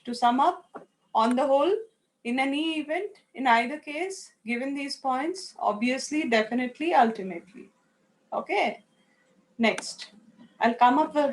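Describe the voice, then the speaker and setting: A woman's voice: high voice, poor audio. A woman teaching online, reading out lists of words one at a time and explaining them with simple examples. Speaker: English teacher.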